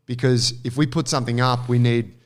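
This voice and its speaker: A man, co-hosting a casual chat and telling an animated, sweary story. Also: mid-range voice, fairly quick. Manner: animated storyteller, swears freely, acts out quotes. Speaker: podcast co-host.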